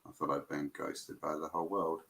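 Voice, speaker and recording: A man's voice: rumbling low, little pitch movement, fairly quick, gravelly, sharp tone, breathy edge. A man chatting as a guest on a live stream over a video call, playful and mock-offended. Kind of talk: casual chat on a live stream.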